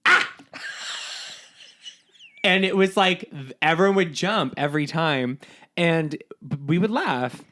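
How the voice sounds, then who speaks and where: A man's voice: a little high, lively intonation, moderate pace, a bit bright. A man co-hosting a podcast, telling stories in a playful, jokey way with frequent laughter. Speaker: podcast co-host. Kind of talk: casual chat.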